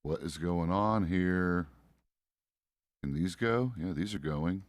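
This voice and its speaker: A man's voice: low-pitched, slow pace, dry recording, clean studio sound. A middle-aged man streaming a game, chatting casually in a grumpy, swearing, complaining way. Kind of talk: casual live-stream chat while gaming.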